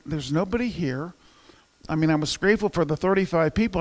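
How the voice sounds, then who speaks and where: A male pastor with a fairly high voice delivers a sermon, chatting with the congregation, cracking jokes and polling the crowd. His words trail off into a long reverb tail.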